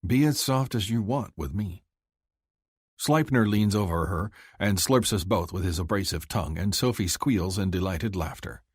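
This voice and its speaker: A man narrating a first-person romance audiobook in a husky voice, shifting up to speak the heroine's lines. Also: moderate pace, no echo, studio quality. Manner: husky, lively delivery, lifting high for the heroine's lines.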